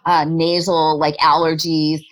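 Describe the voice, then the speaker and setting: A woman in a remote interview, a body language specialist, explaining her points in a lively way and laughing often. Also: low-pitched, measured pace, rough recording. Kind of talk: conversational interview.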